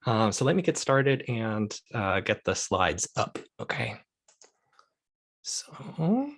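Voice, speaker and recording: A man's voice: fairly low pitch, measured pace, gravelly, a bit bright. Man giving an academic talk over a video call. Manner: thoughtful, explanatory, with fillers. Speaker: guest lecturer. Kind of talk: academic lecture.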